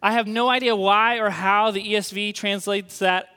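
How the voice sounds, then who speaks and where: A man's voice: high voice, steady tone, moderate pace, bright, forceful tone, clean tone. A man preaching a sermon to a room of people, talking in a loose, conversational way and checking in with them often. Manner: conversational, checks in with the audience with frequent "okay?". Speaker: pastor. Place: church hall with an audience. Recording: reverberant hall.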